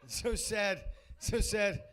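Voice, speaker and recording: A man's voice: sits high, extremely slow, fairly bright tone. A man doing a rambling, crude stand-up comedy set in a comedy club, baiting the crowd and heavy on filler words.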